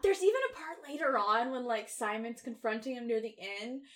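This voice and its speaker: A woman co-hosting a podcast in casual chat, laughing often and talking with animated, swearing energy. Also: a little high, a little fast. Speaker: podcast co-host. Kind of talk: casual chat reviewing a TV episode.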